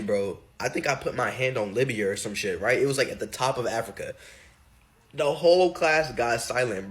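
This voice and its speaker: Animated, profane young man telling a story. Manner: profane, animated, swings high when excited. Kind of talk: casual comic storytelling.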